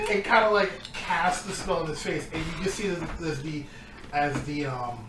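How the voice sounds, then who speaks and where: A man's voice: fairly high pitch, animated, moderate pace, distant mic, over loud music. A man narrating a tabletop game as dungeon master, laughing often as he tells the story. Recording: echoey room with noise.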